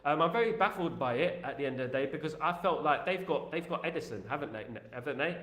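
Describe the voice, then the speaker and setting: A man's voice: fairly high pitch, animated, fast talker, fairly bright tone, roomy sound. Chatty man with a repetitive, joking delivery. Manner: repetitive, joking, leans on filler phrases. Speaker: football fan channel host. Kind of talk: casual live-stream chat reading viewer messages.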